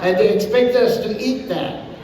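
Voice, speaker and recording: A man's voice: high voice, normal speed, noisy background. An older man from Hawaii with a Hawaiian accent, a comedian chatting and telling stories to a live audience. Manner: animated, chatty storyteller. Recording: echoey hall from far off.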